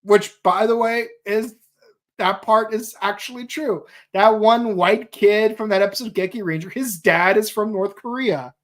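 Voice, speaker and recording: A woman's voice: mid-range voice, normal speed. A woman co-hosting a podcast in casual chat, rambling and repeating "it's like" as she acts out quoted lines. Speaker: podcast co-host.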